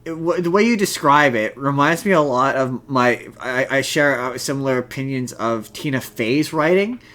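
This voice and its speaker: A man hosting a podcast in casual chat, animated and sarcastic, acting out quotes. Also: mid-range voice, normal speed. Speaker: podcast host.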